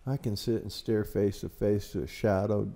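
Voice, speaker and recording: A man's voice: fairly low pitch, steady tone, moderate pace, mellow. A man who looks after a haunted building, telling a ghost story in an interview with lots of fillers and laughs at himself. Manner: rambling, hesitant with many fillers, laughs at himself.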